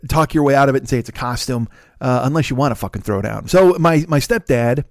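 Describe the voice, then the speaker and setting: A middle-aged man with a Chicago accent telling a profane, animated story in casual chat, swearing often and laughing between lines. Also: medium pitch, fast, no echo, clean studio sound. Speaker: podcast host.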